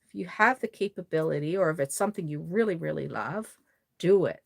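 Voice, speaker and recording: Livestream host: chatty woman, Cape Breton Canadian accent, lowish voice, effusive with viewers. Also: a little fast, creaky. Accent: Maritime Canadian (Cape Breton). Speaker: doll-making livestream host. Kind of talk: casual livestream chat with viewers.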